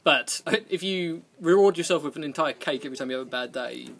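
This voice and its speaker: A man's voice: a little high, brisk, vocal fry, a bit bright, slight background noise. A man hosting a podcast, telling a rambling, self-deprecating story in casual chat and laughing often. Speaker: podcast host.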